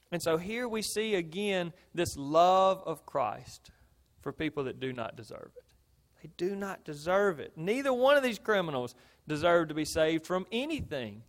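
A man preaching a sermon in an earnest manner, swelling to emphatic points and dropping low and soft. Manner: earnest, rises to emphatic then drops low.

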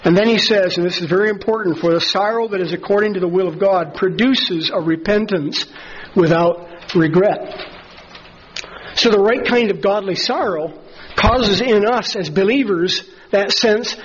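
A man preaching a sermon as pastor, earnest and measured, slowing down to stress key phrases. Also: sits high, husky, highs cut off.

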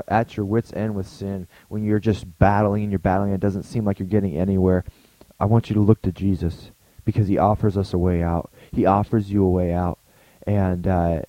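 A man's voice: deep voice, dark tone, dry recording, low-quality recording. A man giving a short, earnest daily devotional talk as a pastor, speaking conversationally and often restarting his sentences.

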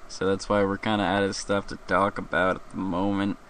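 A man's voice: deep voice, monotone, brisk, fairly bright tone, a little hiss or hum. A man from the Philadelphia area hosting a casual live show, rambling and joking with frequent laughs. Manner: rambling, jokey, laughs often. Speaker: host.

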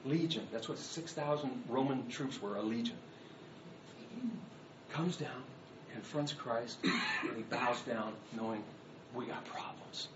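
A man preaching a sermon, animated, moving between hushed asides and loud dramatic readings. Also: mid-range voice, takes it slowly, long pauses, background noise. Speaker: pastor. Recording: echoey room, distant mic, dull sound.

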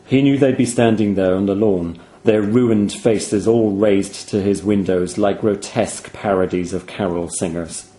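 A man reading a horror story aloud in a grave, hushed, measured way. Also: on the low side, fairly even intonation. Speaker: narrator.

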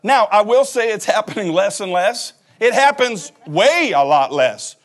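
A man's voice: high-pitched, expressive, unhurried. A man preaching a sermon as pastor, folksy and joking, talking straight to the congregation. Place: church.

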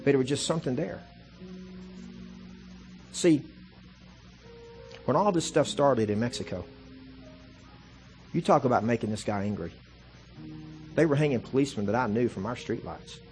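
A man's voice: medium pitch, expressive, normal speed, long pauses, darkish tone, faint music behind. A man preaching a sermon as pastor, telling stories in a conversational way and building to impassioned, fervent preaching. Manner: conversational storytelling with repeated "see" and restarts.

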